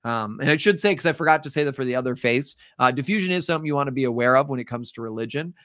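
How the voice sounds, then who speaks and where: A man's voice: medium pitch, racing, fairly bright tone, no echo, studio quality. A man with a Midwestern accent, teaching an upbeat, chatty live-stream review lesson with frequent ums. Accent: Midwestern American.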